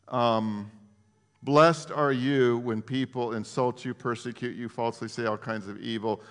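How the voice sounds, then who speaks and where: Pastor preaching in a reverberant hall. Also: male voice, medium pitch, measured pace. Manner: conversational, animated, many fillers and restarts. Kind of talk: sermon.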